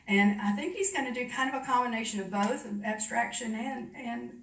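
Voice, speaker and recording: A woman's voice: a little high, fairly quick. Woman host, distant from mic, echoey hall, faint background noise. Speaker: meeting host. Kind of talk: meeting announcements and speaker introduction.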